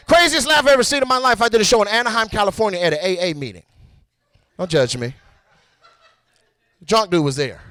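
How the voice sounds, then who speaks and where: A man doing a loud, animated stand-up set on a club stage, laughing at his own jokes. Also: high voice, dry recording. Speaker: stand-up comedian.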